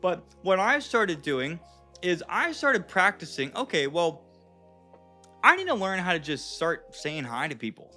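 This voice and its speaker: A man's voice: sits high, very animated, unhurried, bright, forceful tone, faint music behind. A man of thirty giving casual coaching advice to viewers, chatty and profane, calling them guys and dude. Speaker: dating and confidence coach.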